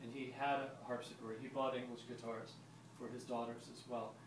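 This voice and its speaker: At medium pitch, normal speed, and with a flat delivery, a man gives a live historical music talk and demonstration to visitors. He explains in a chatty way and quizzes the crowd, recorded from a distance in a roomy, noisy room.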